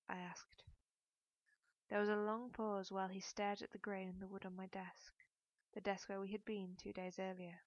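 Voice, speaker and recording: A woman reading a novel aloud in the first person, in a measured, melancholy storytelling manner. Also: medium pitch, flat delivery, no echo. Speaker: audiobook narrator. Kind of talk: first-person audiobook narration. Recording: dull, dry audiobook recording.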